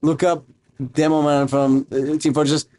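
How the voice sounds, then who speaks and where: A young Romanian streamer talks in a loose, rambling way while he cooks. His accent is a mix he picked up online, and his voice sits a bit high for a man. He keeps breaking off to read and answer his chat. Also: level tone, normal speed, darkish tone. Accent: mixed, mostly learned online. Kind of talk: casual livestream chat while cooking.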